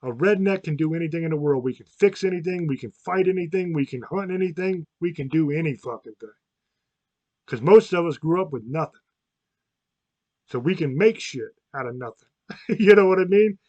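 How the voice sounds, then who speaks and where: A man's voice: a little high, animated, brisk, a little mellow, dry recording, dull audio. Brief: fired-up podcast host, man, crude and blunt, dry close sound. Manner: blunt, swearing, worked up. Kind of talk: profane podcast monologue.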